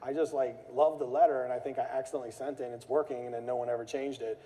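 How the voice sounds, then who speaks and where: A man hosting a live meetup and talking casually to the group, who tells animated stories and acts out angry callers. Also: medium pitch, rapid-fire. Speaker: meetup host. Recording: long hall reverb.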